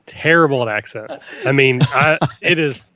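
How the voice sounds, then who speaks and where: A man's voice: mid-range voice, measured pace, bright, forceful tone, no room sound. A man appearing as a podcast guest, chatting in an easygoing, self-deprecating way. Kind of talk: casual talk show chat.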